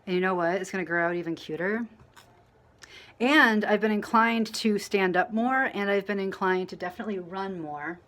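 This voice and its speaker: A woman vlogging casually to camera, telling a rambling story full of fillers and restarts, mostly quiet and low, getting louder when she acts out what people said. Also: moderate pace. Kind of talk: casual storytelling to camera while dyeing her hair.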